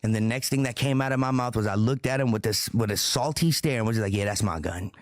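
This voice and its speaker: A man's voice: medium pitch, quick pace, no room sound, studio quality. A man being interviewed as a guest, talking loosely and defensively, full of fillers. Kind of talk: casual interview talk.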